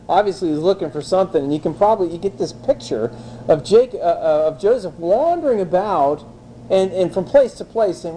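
A man preaching an expository sermon in a lively, conversational way, with wry, blunt asides. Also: high voice, fairly quick, slight background noise, low-quality recording.

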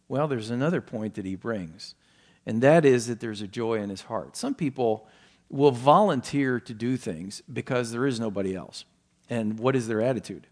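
A man preaching a sermon, telling a story with emphatic rises and soft, low passages. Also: lively intonation, moderate pace. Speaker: pastor.

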